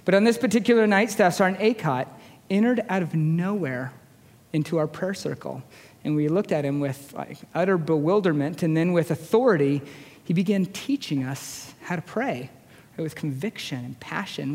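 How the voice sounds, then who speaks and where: High-voiced chaplain preaching in a reverberant hall. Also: male voice, expressive, moderate pace, a little mellow. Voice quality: high-pitched voice. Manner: conversational, self-deprecating humor. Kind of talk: storytelling sermon. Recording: long reverb of a large hall.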